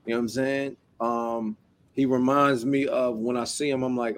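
A man's voice: mid-range voice, level tone, normal speed, slight background noise. A man co-hosting a podcast in casual chat, rambling and profane, often repeating himself. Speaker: podcast co-host.

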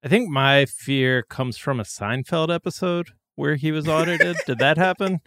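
A man's voice: fairly high pitch, fairly bright tone, dry recording, clean studio sound. A man co-hosting a podcast who adds brief asides in casual chat. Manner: brief interjections and quick asides. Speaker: podcast co-host.

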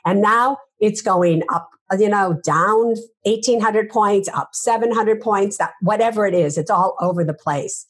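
A woman speaking as a guest author in an interview, her voice soft and breathy. She talks emphatically, stressing points with rhetorical questions and repeating herself as she goes. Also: medium pitch, a little slow, hardly any pauses. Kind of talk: interview answers.

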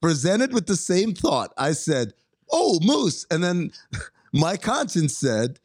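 Lively, animated man cracking up. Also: fairly high pitch, slow, dry recording, clean studio sound. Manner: animated, breaks into mock voices and laughs. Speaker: podcast co-host. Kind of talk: casual comedic chat.

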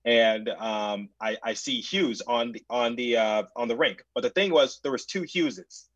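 A young man tells a story on a podcast, excitable and full of restarts. He sounds dry and close, with a dull, lo-fi tone. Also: medium pitch, measured pace, no echo. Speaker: podcast guest. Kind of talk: casual podcast chat. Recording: dull lo-fi mic.

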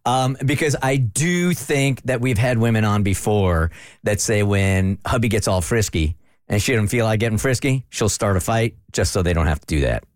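A man with a fairly low voice hosts a morning radio show, joking and reacting with disbelief. The sound is dry and close to the mic. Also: moderate pace, dry recording.

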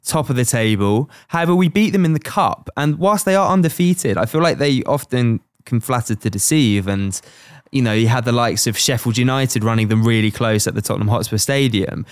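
A man's voice: mid-range voice, brisk, no room sound, clean studio sound. Upbeat man hosting a podcast. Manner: upbeat and teasing. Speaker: podcast host. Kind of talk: casual podcast chat.

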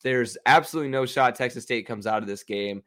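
A man's voice: mid-range voice, fairly quick, fairly bright tone. Chatty young man picking football bets. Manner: chatty, confident, self-mocking. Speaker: sports betting podcast host. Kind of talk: casual solo commentary.

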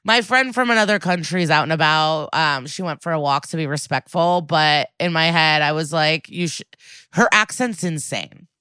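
An American woman co-hosting a podcast, chatting casually and animatedly with quick asides and laughter. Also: low voice, pushed and bright, clean tone, no echo. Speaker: podcast co-host. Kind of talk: casual chat.

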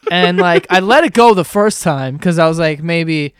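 A man hosting a loose, casual chat, spinning animated stories full of swearing and laughter. His voice sits a little high for a man and comes across dry and close, with no room around it. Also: moderate pace, clear, resonant tone, no room sound. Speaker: podcast host.

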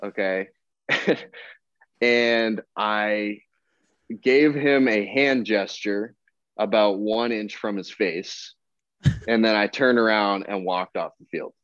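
Slow and lowish, free of echo, this young professional baseball player's voice carries a casual podcast story. He keeps things relaxed and chatty, acting out the figures in the tale and quoting their lines. The audio is dull, dry and lo-fi.

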